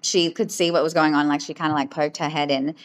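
A woman hosting a podcast, telling personal stories in an emotional, animated way, full of fillers. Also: deep voice, fast, low-quality recording. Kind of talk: casual storytelling.

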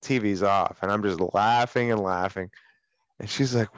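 A man with a low-pitched voice tells stories in a crude, profane, sardonic way during casual on-air banter. His voice sounds dull and dry, like a close studio mic with little treble. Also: moderate pace, dry recording. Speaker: radio co-host.

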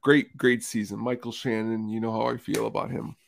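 A man's voice: on the low side, flat delivery, a little fast, gravelly, slight background noise. A man co-hosting a film podcast, talking in a rambling, easygoing, chatty way. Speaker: podcast co-host. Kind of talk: casual chat.

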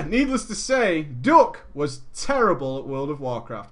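Man, casual storytelling, profane, laughs a lot, loud bursts and mutters, lively pitch. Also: measured pace, hardly any pauses. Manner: animated, profane, laughs often, jumps between loud and muttered asides. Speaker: streamer telling a gaming story. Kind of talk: casual storytelling to a live chat.

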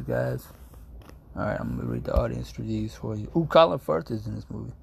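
A man's voice: medium pitch, fairly even intonation, fast talker, gravelly, slightly rough. A man chatting casually to his viewers, rambling and easily distracted, full of slang and amused asides. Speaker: streamer reading reviews to viewers. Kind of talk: casual chat.

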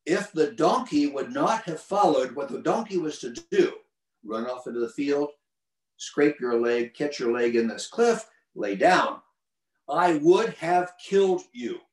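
A man voicing a huge, stern male warrior angel making slow, grave pronouncements, heard from a distant mic in a roomy space. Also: on the high side, animated.

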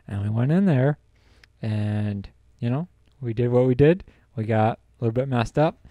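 Young male podcast host, warm mellow tone, dry close sound, laid-back storyteller who laughs a lot. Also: medium pitch, normal speed, no room sound. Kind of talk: casual storytelling.

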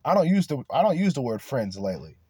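A man's voice: medium pitch, sing-song, a little fast, warm tone, husky, no room sound. Blunt, profane man ranting casually. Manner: blunt, profane, rambling with restarts. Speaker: podcast host. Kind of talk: casual monologue.

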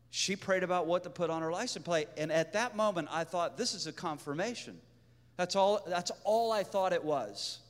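Lively high-voiced preacher in an echoey hall. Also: male voice. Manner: animated storyteller, acts out voices, shouts to the crowd. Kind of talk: storytelling testimony sermon. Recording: echoey hall with long reverb.

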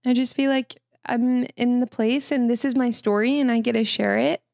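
This is a young woman co-hosting a podcast, talking casually with a friend. Her voice sits a bit high and has a gravelly, fry-tinged texture. She teases easily and laughs often. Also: steady tone, normal speed, darkish tone, dry recording, clean studio sound. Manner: playful, laughs often, teasing. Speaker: podcast co-host. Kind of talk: casual chat.

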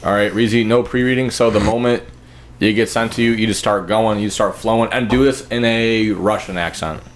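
A man's voice: lowish voice, steady tone, fairly quick, slight background noise. A man hosting a podcast with loose, joking banter and plenty of swearing. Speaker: podcast host.

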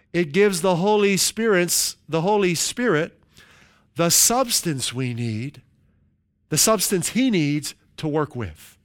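Man, pastor, sermon, slightly high voice, slow emphatic phrasing, call-and-response. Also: smooth.

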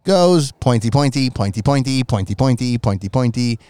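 A man co-hosting a podcast, telling a wrestling match play by play in a profane, excitable way. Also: medium pitch, normal speed, smooth, no echo. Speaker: podcast co-host. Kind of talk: casual wrestling recap chat.

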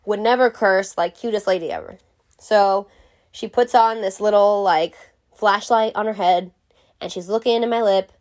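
A woman's voice: medium pitch, darkish tone. A woman vlogger telling a story to camera in a casual way. She is frank, jokey and swears freely.

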